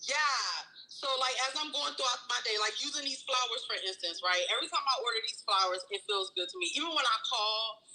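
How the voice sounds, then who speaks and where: Woman chatting in a group, super bright voice, relaxed, says like a lot. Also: fairly high pitch, brisk, poor audio. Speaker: group participant. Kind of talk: casual sharing.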